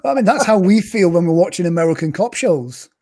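A man's voice: high-pitched, expressive, fairly quick, a little mellow, slight background noise. Chatty man hosting a show. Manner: chatty, jokey, reads out viewer comments. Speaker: podcast host. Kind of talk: casual chat.

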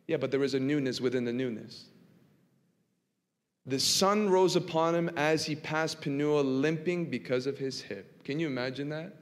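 A man preaching a sermon in a church, swinging from hushed to impassioned and asking the congregation rhetorical questions. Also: medium pitch, moderate pace. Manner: dramatic, swinging from quiet to impassioned. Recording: long reverb of a large hall.

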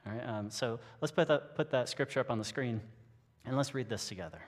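A man's voice: mid-range voice, brisk, big-room sound. A man giving a sermon as a pastor, talking in a casual, joking way with frequent restarts. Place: church sanctuary.

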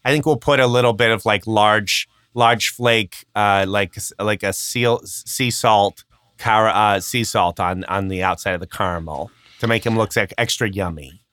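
A man's voice: lowish voice, normal speed, a bit bright, clean tone, no room sound, clean studio sound, voice pushed down, lightly acted. A man voicing a chipper male company character designer with a Minnesotan accent and a folksy, rambling manner.

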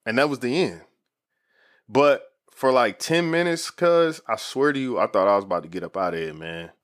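A man's voice: mid-range voice, animated, normal speed. A man in his thirties telling a story in casual, slangy talk full of "like" fillers. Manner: laid-back, slangy, lots of "like" fillers.

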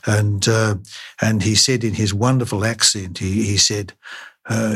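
An older man, a craniofacial surgeon, answering interview questions in a halting way with many fillers and restarts. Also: on the low side, little pitch movement, fairly bright tone, husky. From Australia.

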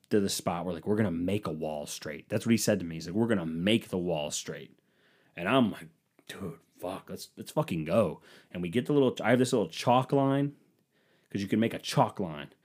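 A man telling a crude, animated comic story about laying a floor, acting out his friends' lines in low mumbles. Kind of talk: profane comedic storytelling.

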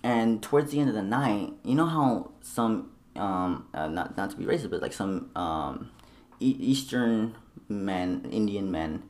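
A young man telling stories in casual chat, swearing often and animated. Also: fairly low pitch, unhurried. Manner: profane, animated storytelling. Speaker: storyteller.

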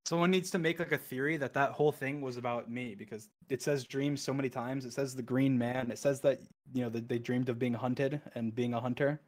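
A man streaming live, reading a long poem aloud as it scrolls past and breaking off into exasperated asides when the text moves too fast. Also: mid-range voice, steady tone.

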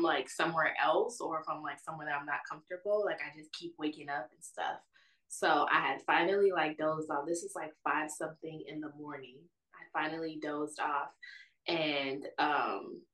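A woman's voice: lowish voice, fairly bright tone, echoey room, distant mic, poor audio. A young woman casually telling a personal story, filling her speech with "like" and "or whatever.". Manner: chatty, constant fillers of "like" and "or whatever".

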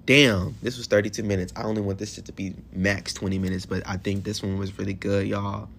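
A man in his twenties hosting a solo podcast in a hotel room, talking in an emotional, affirming way with animated bursts. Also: fairly low pitch, fairly quick, creaky, slight background noise. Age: 20s. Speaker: podcast host.

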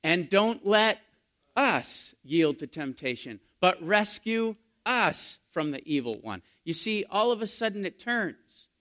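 A male pastor preaching a sermon, asking his listeners questions and moving between hushed and emphatic delivery. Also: sits high, very animated, slow pace. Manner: dynamic preaching, asks the congregation questions, swings from hushed to loud.

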